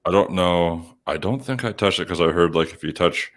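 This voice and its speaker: A man's voice: low-pitched, normal speed, fairly bright tone. A man chatting casually on a radio show, laid-back and swearing often. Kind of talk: casual chat.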